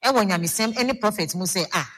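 Lady, guest telling her testimony, earnest, stumbles and repeats words, mid pitch. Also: moderate pace, a bit bright, slight background noise. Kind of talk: earnest storytelling in Twi mixed with English.

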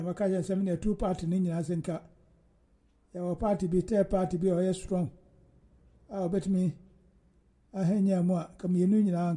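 A man with a high-set but deeply mellow, dark voice holds forth in loose political commentary. He talks in a rambling, emphatic way and laughs often, like a host chatting to his listeners.

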